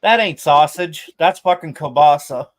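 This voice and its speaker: A man's voice: a little high, a little slow. A man in a casual voice chat, making crude jokes. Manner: crude joking.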